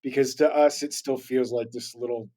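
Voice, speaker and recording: A man's voice: mid-range voice, steady tone, normal speed, dark tone. Reflective, rambling male voice actor. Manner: rambling, reflective, laughs easily. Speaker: voice actor guest. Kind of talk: casual interview chat.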